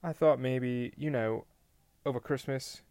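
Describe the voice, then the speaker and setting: A man's voice: mid-range voice, fairly even intonation, measured pace, darkish tone, clean tone, dry recording, voice pushed up, close to an everyday voice. A man reading aloud and voicing a stubborn, suspicious teenage wizard who talks in an insistent, exasperated way. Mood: arguing.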